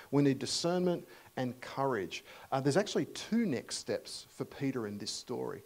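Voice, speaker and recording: Australian guy preaching, chatty, asks the room questions, gets loud then drops almost to a whisper. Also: mid-range voice, moderate pace, gravelly, rough recording. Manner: animated, swings from loud emphasis to hushed near-whispers; conversational, asks the congregation questions. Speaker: visiting preacher. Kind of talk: sermon.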